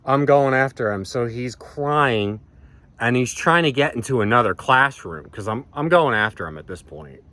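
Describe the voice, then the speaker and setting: A man's voice: medium pitch, expressive, normal speed, bright, forceful tone. A man telling a personal story in a casual, rambling way, swearing freely and often restarting his sentences. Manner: rambling, profane, many restarts and ums. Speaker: vlogger.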